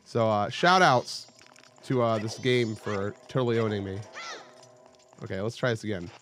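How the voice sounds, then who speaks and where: A man's voice: lowish voice, moderate pace, pauses often, slight background noise. A young man casually commentating his gameplay, joking and yelping at sudden moments. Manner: excitable, joking, with sudden yelps. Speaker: let's play host.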